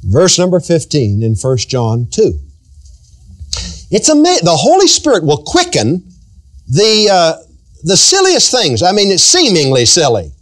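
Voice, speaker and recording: A man's voice: a little high, huge pitch swings. A male pastor preaching a sermon, stretching out key phrases and acting out everyday sayings. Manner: drawn-out emphatic preaching, acting out everyday quotes.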